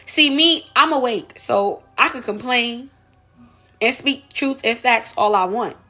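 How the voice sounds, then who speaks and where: High, bright-voiced woman ranting. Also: lively intonation, measured pace, soft background music. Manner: emphatic, repeats rhetorical questions, addresses viewers as y'all. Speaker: vlogger. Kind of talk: opinion rant to camera.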